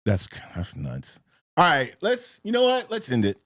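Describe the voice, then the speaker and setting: Lively, animated male podcast co-host. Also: a little high, a little slow. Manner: animated, loud sign-offs. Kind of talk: casual chat.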